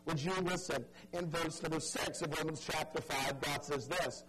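Earnest preacher, slightly high-pitched man. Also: steady tone, poor audio. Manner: dramatic storytelling with sudden soft drops and drawn-out emphasis; earnest, pleading appeals to the listener. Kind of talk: evangelistic sermon.

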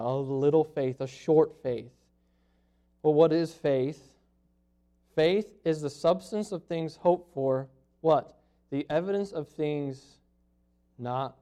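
Male preacher, high voice, sermon delivery with big swings between forceful and hushed, slows on key phrases. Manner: dramatic swings from loud to hushed, slows for emphasis.

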